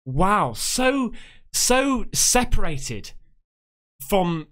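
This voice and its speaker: A man's voice: sits high, big pitch swings, extremely slow, fairly bright tone. A man hosting a reaction video, talking casually and emotionally and swearing often.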